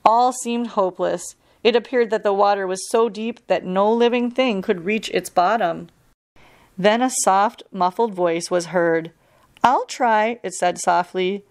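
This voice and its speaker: A woman reads a storybook aloud for children, calm and steady, each sentence clear and unhurried. Her pitch sits in the middle range, plain and even. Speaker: park ranger reading a story.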